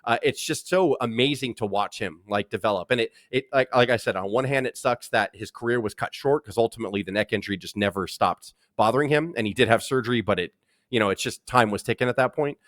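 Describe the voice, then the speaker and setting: A man hosting a podcast in casual chat, talking in an excited, rambling way with many restarts. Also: mid-range voice, fast, no room sound, studio quality. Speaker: podcast host. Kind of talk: casual chat recapping wrestling.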